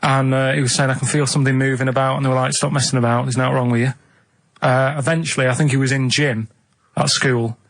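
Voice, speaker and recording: Deadpan Northern English man. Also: medium pitch, fast talker. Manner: flat, matter-of-fact storytelling. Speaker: radio show regular. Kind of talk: comedic radio banter.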